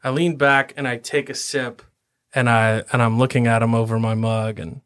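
A man playing a tabletop game, describing his moves in an animated way. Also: mid-range voice, moderate pace, clean tone. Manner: animated, laughing table talk. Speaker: player.

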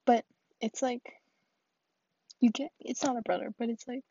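A woman's voice: fairly high pitch, fairly even intonation, normal speed, creaky, dark tone, muffled recording, slight background noise. A young woman venting in a solo vlog, rambling with lots of fillers and often dropping to a whisper. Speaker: vlogger. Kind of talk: solo confessional vent.

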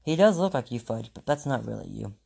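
A man voicing a gentle, amused mother in a storybook, read with a light, reasoning touch. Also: medium pitch, big pitch swings, brisk, creaky, husky, exaggerated voice.

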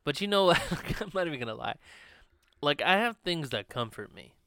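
A man's voice: on the high side, big pitch swings, moderate pace, gravelly, sharp tone, no echo, clean studio sound. Rambling laid-back podcast guy. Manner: rambling storyteller, full of fillers and laughs. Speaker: podcast co-host. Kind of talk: casual chat. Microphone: studio podcast mic.

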